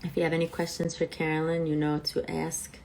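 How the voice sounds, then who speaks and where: A woman's voice: low-pitched, monotone, a little fast, vocal fry, darkish tone, a little hiss or hum, poor audio. A woman hosting a live online talk show, chatting casually and thinking aloud while she waits for her guest, with allergies. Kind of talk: casual live-stream chat.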